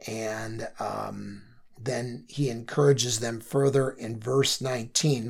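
A man leading a Bible study lesson, reading verses aloud and then explaining them in an earnest, halting way with many fillers. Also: medium pitch, steady tone, creaky.

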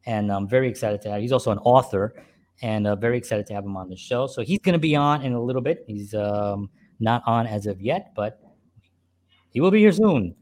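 A man's voice: on the low side, fairly quick, darkish tone. A middle-aged man hosting a casual talk show from home, rambling with many fillers and restarts. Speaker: podcast host. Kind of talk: casual chat.

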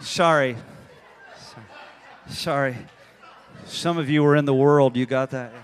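A man preaching a sermon, swinging from hushed asides to shouted proclamations. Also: medium pitch, steady tone, takes it slowly, in a large hall, some chatter behind, slight background noise. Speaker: pastor.

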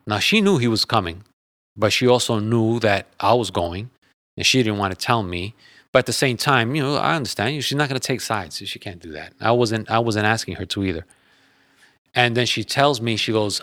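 A man's voice: fairly low pitch, fairly quick, a bit bright, no echo, studio quality. A man telling a personal story in a casual, rambling, earnest way, often repeating and restarting his words. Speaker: guest sharing a personal story.

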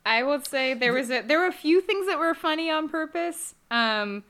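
A woman chatting casually about a movie as a podcast co-host, frank and quick to laugh. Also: high voice. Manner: laughing, frank, animated storytelling. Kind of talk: casual movie review chat.

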